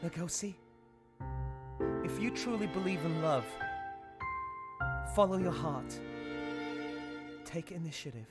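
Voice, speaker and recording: A man's voice: a little high, lively intonation, slow, pauses often. A man voicing a tender young female rabbit, improvising an earnest love confession in a pleading voice. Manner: earnest, pleading, ad-libbed dramatic. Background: emotional music.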